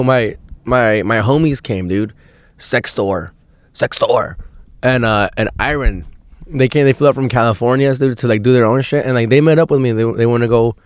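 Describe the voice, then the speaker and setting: A man's voice: medium pitch, a little mellow, dry recording. A young man hosting a podcast, telling a rambling, slangy story with lots of "dude" and swearing. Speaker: podcast host. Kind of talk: casual storytelling monologue.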